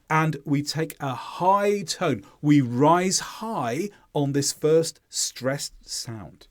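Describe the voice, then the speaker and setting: A British man gives an English lesson, taking his time over every phrase. His voice sits a little high and swoops widely up and down as he stresses each word. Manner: slow, deliberate, emphatic modelling of intonation. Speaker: English teacher.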